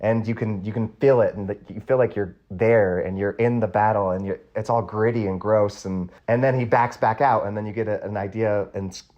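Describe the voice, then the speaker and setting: A man with a fairly low voice discusses a film in a relaxed chat. He strings his thoughts into long sentences and builds each point step by step. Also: a little fast, few pauses, highs cut off. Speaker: podcast panelist. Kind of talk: casual movie discussion.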